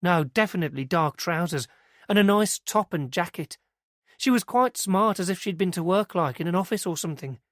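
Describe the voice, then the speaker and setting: A woman's voice: lowish voice, normal speed, no echo, studio quality, pitched above the performer's own voice, close to an everyday voice. A man voicing a young woman who works at a nursery, telling what she saw in a chatty, hesitant, rambling way. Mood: earnest, unsure. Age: young adult. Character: young British nursery worker, eager, nervous.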